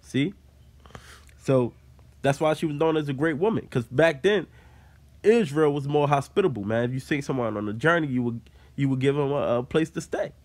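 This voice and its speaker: This Bible teacher has an expressive, medium-pitched voice with a darkish tone and talks at normal speed. He reads scripture, then explains it informally, using fillers like "man."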